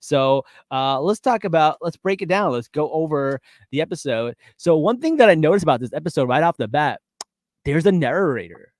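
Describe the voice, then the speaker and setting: A man's voice: a little high, very animated, moderate pace, dry recording. A man co-hosting a podcast, chatting casually and animatedly about a TV episode with many fillers. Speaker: podcast co-host. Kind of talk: casual pop-culture chat.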